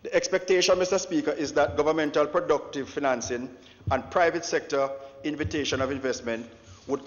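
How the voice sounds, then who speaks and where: A Jamaican man, an opposition member of parliament, delivering a formal, declamatory speech and often addressing the Speaker. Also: medium pitch. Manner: declamatory, punctuates with "Mister Speaker". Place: large parliament chamber. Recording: dull echoey chamber broadcast audio.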